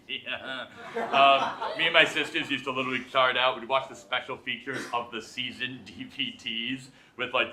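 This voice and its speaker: A man's voice: mid-range voice, noisy background. A man hosting a live late-night show, giving a self-deprecating stand-up monologue and acting out voices. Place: live theater with audience. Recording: echoey live theater.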